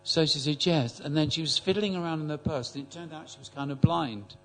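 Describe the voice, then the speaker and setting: An older man telling a story in a group class, halting and repeating words as he speaks. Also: a little high, fairly bright tone. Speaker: class attendee.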